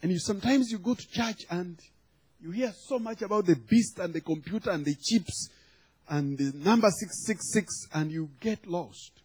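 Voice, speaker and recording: A man's voice: high-pitched, moderate pace, darkish tone, slightly rough. A man preaching a sermon, telling a humorous story and acting out the quoted lines. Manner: storytelling with acted quotes and laughter.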